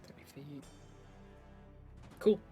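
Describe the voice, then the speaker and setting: A man narrating as game master of a tabletop game, describing scenes in a loose, halting way with many fillers. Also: warm tone, soft background music.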